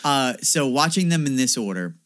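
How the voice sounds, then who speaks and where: A man in an average register co-hosts a laid-back film chat, relaxed and dry in tone. The recording is close and dead, with no room sound at all. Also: mid-range voice, normal speed, dry recording. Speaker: podcast co-host.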